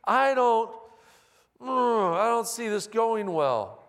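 A man's voice: very high voice, lively intonation, slow, fairly bright tone, voice pushed up, exaggerated voice. A man voicing a nervous, self-doubting male fugitive shepherd in a sermon. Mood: anxious. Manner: anxious, hedging, self-doubting. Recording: long reverb of a large hall.

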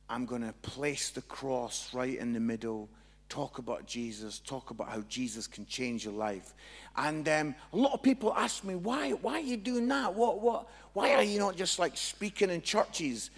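A Scottish man, a Christian comedian, telling a humorous testimony in an animated, jokey storytelling way. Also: mid-range voice, big-room sound. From Scotland.

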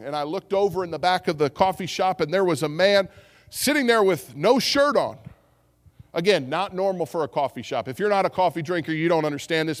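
A male pastor preaching a sermon, telling a story with lively acted-out voices. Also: on the high side. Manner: animated storytelling, acts out voices. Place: church sanctuary. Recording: long reverb of a church hall.

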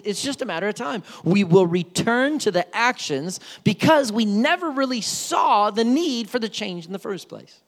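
Animated preaching man, lively high voice. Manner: animated, playful storytelling asides. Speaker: pastor. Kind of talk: sermon. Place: church sanctuary.

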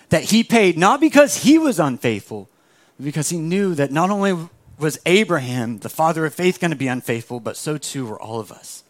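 A young adult man preaching a sermon with a gravelly voice, animated, acting out other voices as he tells the story. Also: a little high, moderate pace. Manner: animated, acts out voices of biblical figures. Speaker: pastor.

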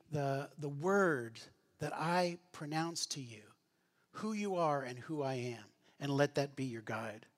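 A man preaching a sermon in an earnest, conversational teaching manner, often restarting his phrases. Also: fairly high pitch. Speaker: pastor.

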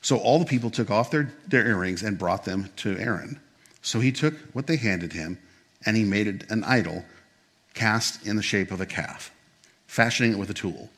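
A male pastor delivering a sermon with a somewhat low, husky voice. He talks like he is telling a story to friends, relaxed and a little humorous. When he drives a point home he becomes earnest and emphatic. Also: normal speed.

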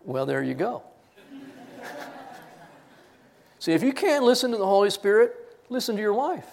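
Male pastor with a high voice, giving a lively sermon with stories and laughter. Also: takes it slowly, vocal fry. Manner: animated storytelling with laughs and quoted voices.

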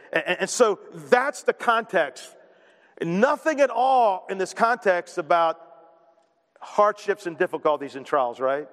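A man preaching a sermon in a conversational, animated way, often repeating words as he starts a thought. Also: high voice. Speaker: pastor. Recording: long reverb of a large hall.

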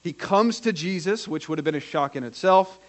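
A man preaching a sermon, acting out quoted voices and swinging from hushed to loud. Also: high voice, normal speed. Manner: dramatic, acts out the quoted voices.

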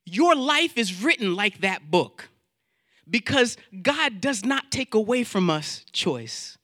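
A man preaching from the pulpit with a high, ringing voice. He speaks in an animated, repetitive style, quoting scripture and voicing inner doubts. The sound is close and dry. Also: takes it slowly, no echo. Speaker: pastor. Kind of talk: sermon. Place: church sanctuary.

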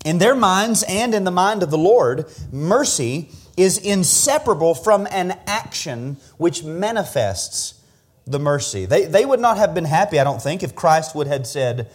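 A man's voice: fairly high pitch, animated, moderate pace, a little mellow, slightly rough. A man preaching an expository sermon as pastor, earnest and teaching verse by verse, often repeating a word as he restarts.

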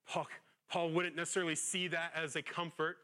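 Male pastor with a somewhat high voice, earnest sermon delivery that swings between loud exclamations and quiet, low-voiced reflection. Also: level tone, a little fast.

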